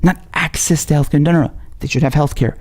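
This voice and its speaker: His voice is fairly high and a little mellow, with a steady tone, as he hosts political commentary. He unleashes an impassioned, fast-paced tirade full of swearing.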